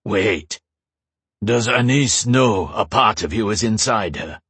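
A man reading a brooding young man of few words. Low, husky tone, dry close sound. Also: expressive, slow, a bit bright, no room sound, full character voice. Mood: somber.

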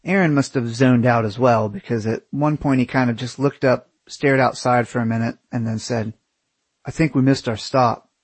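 A man's voice: medium pitch, moderate pace, hardly any pauses, breathy edge, no echo. A man telling a story in a casual, conversational way, full of swearing and sarcastic asides.

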